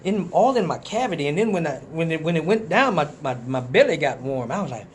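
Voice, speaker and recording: Animated man telling a story. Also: fairly quick, slight background noise. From Detroit. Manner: animated, profane, acts out quotes in a higher voice. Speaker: live stream host. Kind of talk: casual storytelling.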